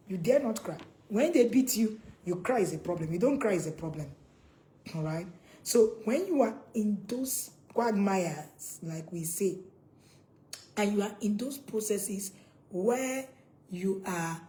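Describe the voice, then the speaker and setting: A woman's voice: mid-range voice, dark tone, a little hiss or hum, poor audio. A woman giving a live parenting talk, emphatic and repeating her questions to viewers. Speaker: parenting coach.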